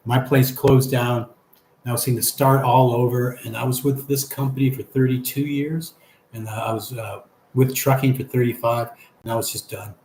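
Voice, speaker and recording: Reading viewer comments aloud and then answering them, an older man hosts a casual live stream. He speaks at a normal speed in a mid-range, slightly mellow voice with fairly even intonation. The space sounds echoey, with a low hum in the background.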